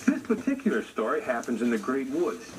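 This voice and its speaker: A man telling a traditional animal story in an unhurried way, speaking directly to his listeners, in a noisy recording. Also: medium pitch, huge pitch swings. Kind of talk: oral storytelling for an audience.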